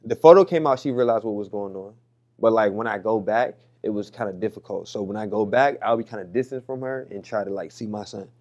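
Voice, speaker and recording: A man's voice: on the low side, fairly quick, darkish tone, highs cut off. A young man as an interview guest, talking loosely and candidly with lots of slang and swearing. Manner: loose, slangy, profane talk.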